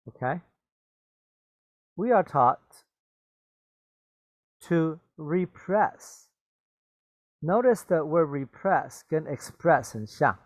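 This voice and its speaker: This dry recording features a man with a fairly high-pitched voice. He runs a bilingual vocabulary lesson, going over English words repeatedly, explaining them, slipping into glosses, and checking in with "okay?" and "right?".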